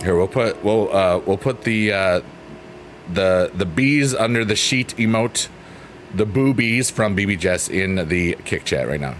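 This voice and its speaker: A male streamer talks loosely and playfully to his chat, with a pitch that swoops up and down as he rambles and teases. Soft piano music plays faintly underneath. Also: lively intonation, unhurried. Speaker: livestreamer reading chat. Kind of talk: casual livestream chat.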